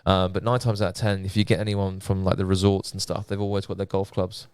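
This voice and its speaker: A man with a southern English accent and a smooth, clear voice, pitched on the low side. He chats as a podcast guest and tells animated stories, with plenty of ums along the way. The sound is dry and close, with no room echo. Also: quick pace. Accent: southern English, Bournemouth area. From England. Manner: animated storyteller, many fillers. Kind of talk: casual chat.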